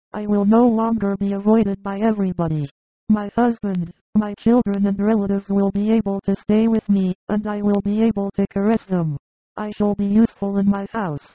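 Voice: medium pitch, no room sound, lightly acted. Brief: reader playing a poor woman of forty, humble and pleading, tinny dry audio. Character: poor, frail woman of forty confessing tearfully. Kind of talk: audiobook reading. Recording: tinny phone-like recording.

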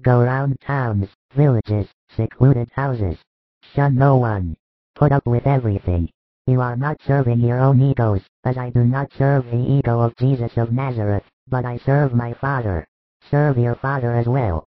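A man voicing a calm, patient male spiritual teacher. He speaks in measured, instructive sentences in a dramatized religious reading, on a tinny recording. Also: mid-range voice, no echo, natural voice. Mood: calm teaching. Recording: tinny phone-like dry recording.

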